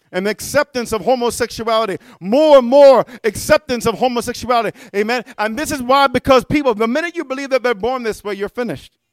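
Fervent male preacher, very high and sharp voice, dry close sound, sermon delivery punctuated by amens. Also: clear, resonant tone, dry recording. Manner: mocking impressions of other preachers.

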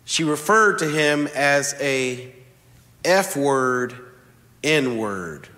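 A man's voice: a little high, a bit bright. Preacher man with a long hall echo. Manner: storytelling with slow, deliberate emphasis. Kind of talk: sermon.

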